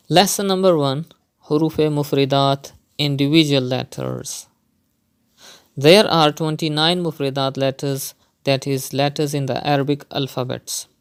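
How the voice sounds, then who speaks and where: Patient online Quran tutor, slow and clear-voiced, models each letter aloud. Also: medium pitch. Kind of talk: recorded recitation lesson.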